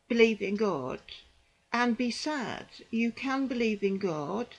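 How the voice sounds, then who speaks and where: A woman's voice: on the high side, rough recording. An older woman, talking earnestly into her camera and rambling with frequent restarts, sounding unwell. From United Kingdom. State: unwell and in pain. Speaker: vlogger, former psychiatric nurse. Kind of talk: personal commentary monologue.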